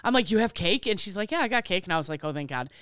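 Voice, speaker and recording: The voice is smooth and medium-pitched, speaking rapid-fire in a dry, studio-quality recording. It belongs to a podcast co-host who animatedly recounts a work story in casual chat, acting out the dialogue of each exchange and venting with casual swearing.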